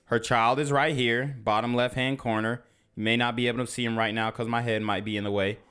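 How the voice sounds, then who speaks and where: A man's voice: medium pitch, level tone, a little fast, fairly bright tone, clean tone. A man hosting a casual reaction commentary, blunt and slangy as he talks over news clips. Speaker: commentary channel host.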